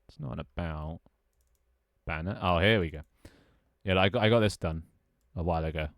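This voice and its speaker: Low-voiced young man chatting on stream. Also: quick pace, no echo, studio quality. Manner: rambling, laughing, talking to chat and friends. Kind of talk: casual live-stream chat.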